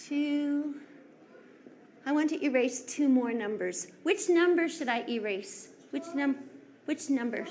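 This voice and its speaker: A woman teacher leading a class in counting games, slow, sing-song and encouraging. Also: high voice. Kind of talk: classroom instruction.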